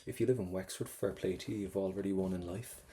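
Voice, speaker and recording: A man's voice: deep voice, fairly even intonation, quick pace, warm tone, slight background noise. A man with an Irish accent, teaching an exam-prep language lesson in a chatty, joking way, drilling pronunciation.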